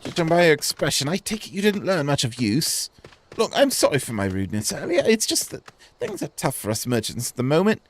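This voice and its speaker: A man's voice: fairly high pitch, huge pitch swings, fairly quick, a little hiss or hum. A man voicing an anxious, struggling small-time male merchant in a video game, speaking in a wheedling sales manner. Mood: confiding. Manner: wheedling, fretful sales talk.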